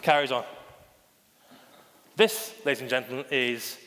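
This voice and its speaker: A man delivers a conference keynote in a theatrical storytelling style, often calling out to the audience and acting out the voices in his anecdotes. His voice sits at a middle pitch, and a long hall reverb trails every word. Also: measured pace. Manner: theatrical, addresses audience as ladies and gentlemen; acts out anecdotes with quoted voices. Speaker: conference speaker, bank digital chief. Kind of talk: keynote presentation. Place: conference stage.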